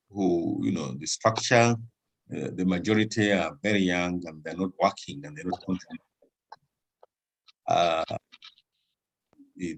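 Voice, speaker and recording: A man giving an earnest policy talk over a video call, stressing each point and filling pauses with "uh". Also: lowish voice, low-quality recording. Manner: emphatic, repeats "we must", many fillers. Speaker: speaker at a club video meeting.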